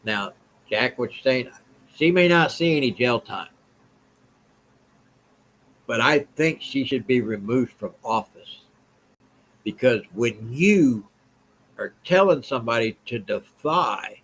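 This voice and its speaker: A man's voice: medium pitch, animated, slow pace, long pauses, fairly bright tone, low-quality recording. A man hosts a live stream and speaks bluntly in a mid-range voice. He repeats his points and answers viewers' comments as he goes. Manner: blunt, repetitive, reads and answers chat.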